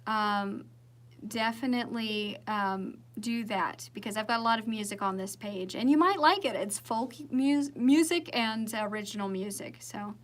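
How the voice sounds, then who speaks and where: Young Southern woman, singer on a livestream, loose rambling chat, voice sits a little high. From Southern United States. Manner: chatty and rambling, many fillers and restarts. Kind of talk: casual livestream chat with viewers.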